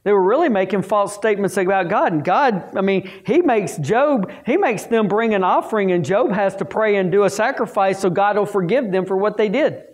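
A man's voice: high voice, animated, moderate pace, hardly any pauses. Folksy man teaching Bible class. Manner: folksy, asks the class questions and answers them. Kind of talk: Bible lesson to staff.

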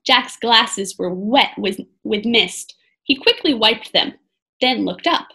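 A woman reading a children's chapter book aloud like a teacher, gently pausing to ask her listeners questions. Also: a little high, rough recording. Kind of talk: storybook read-aloud for children.

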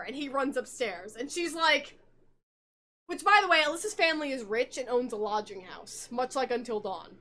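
Tipsy, high-voiced woman rambling on. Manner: rambling, animated, quick to laugh and swear. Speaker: podcast co-host. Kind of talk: comedic podcast chat, retelling a game plot.

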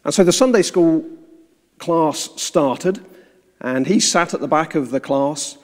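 A man preaching a sermon, telling a story in a measured, earnest way before moving into the sermon itself. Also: on the high side. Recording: reverberant hall sound.

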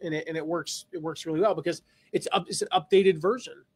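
A man's voice: fairly high pitch, steady tone, fast, darkish tone, breathy edge. A man hosting a live online lesson, talking through ideas with many restarts. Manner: rambling, thinks aloud with many restarts. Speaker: host.

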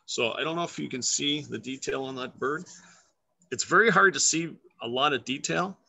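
A man's voice: medium pitch, moderate pace, gravelly, bright, forceful tone. A man, a woodcarver, chatting casually and playfully as he shows his work on a live video call, laughing often. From Canada. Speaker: guest woodcarver. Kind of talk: casual demonstration over a live video chat.

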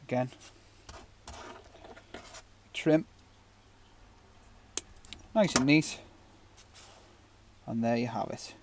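A man's voice: mid-range voice, extremely slow, long pauses, noisy background. A man giving a casual, rambling fishing knot tutorial with jokey asides. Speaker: fishing channel host.

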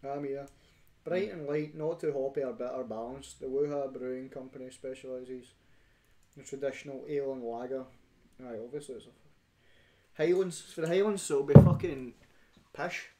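A man's voice: medium pitch, fairly even intonation, normal speed, long pauses, warm tone. Rowdy sweary Scottish young man. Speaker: stream host. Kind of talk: casual chat.

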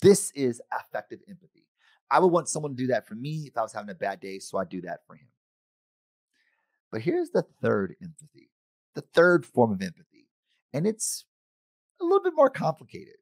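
A middle-aged man giving a conference keynote, animated and acting out the voices of friends and himself. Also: medium pitch, dry recording, studio quality. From United States. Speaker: conference speaker. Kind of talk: keynote talk.

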